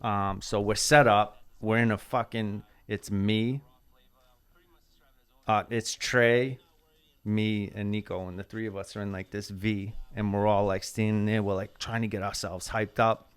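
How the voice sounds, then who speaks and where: A man's voice: on the low side, steady tone, a little slow, smooth. A man, a dancer, telling a story in casual podcast talk, rambling with lots of "like" and swearing.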